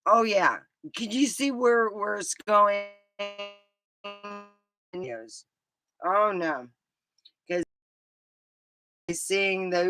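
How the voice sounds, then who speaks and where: A woman's voice: mid-range voice, extremely slow, pauses often, fairly bright tone, faint music behind. A middle-aged woman vlogging, telling a rambling story in a casual, giggly way. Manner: rambling, giggly, breaks into laughter.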